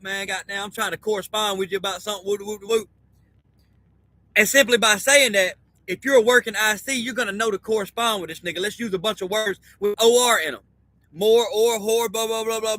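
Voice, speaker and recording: Man, high register, crisp dry sound; rambling profane monologue, conspiratorial teacher, keeps saying okay. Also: pushed and bright, dry recording, low-quality recording. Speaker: self-styled teacher. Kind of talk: rambling spoken monologue reading a document aloud.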